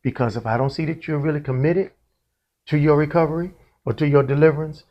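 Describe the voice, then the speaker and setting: A man's voice: on the high side, steady tone, quick pace, lo-fi sound. A man, a church musician, telling his life story to an interviewer and acting out the voices of people in it. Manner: storytelling, acts out quoted voices. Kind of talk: conversational testimony.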